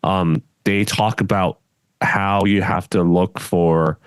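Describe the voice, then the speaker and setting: A man's voice: sits low, fairly even intonation, slow pace, smooth, dry recording. A man co-hosting a podcast, chatting casually and bluntly, often trailing off and restarting his sentences. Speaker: podcast co-host.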